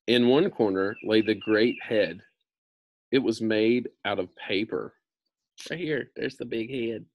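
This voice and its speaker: A man's voice: fairly low pitch, slow, no echo. Casual man reading a storybook aloud. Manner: casual asides with slang. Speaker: storybook reader. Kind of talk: reading a children's book aloud.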